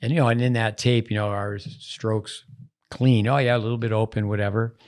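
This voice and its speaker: Talking fairly quickly with flat delivery, a podcast host with a fairly low, darkish voice chats casually, wandering through digressive stories.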